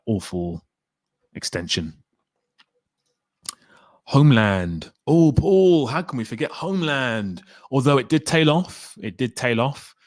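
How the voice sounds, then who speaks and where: A man's voice: lowish voice, no room sound, studio quality. A man hosting a casual live stream about films, rambling and talking straight to his chat viewers by name. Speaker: film talk live stream host.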